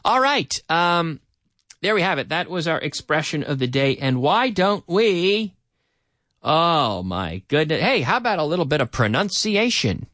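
Radio english teacher guy, really bouncy voice, says words over and over slowly, dry studio mic. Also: fairly high pitch, no echo. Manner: animated, drills words by repeating them slowly; drops in Spanish phrases. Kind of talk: live radio lesson. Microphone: studio microphone with headphones.

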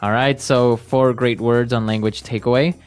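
A man hosts an English learning podcast in an upbeat, casual way and keeps the segments moving with quick confirmations. His voice sits at an ordinary middle pitch. Soft music plays faintly underneath. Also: fairly even intonation. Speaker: host of an English lesson podcast. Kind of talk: leading a casual lesson chat.

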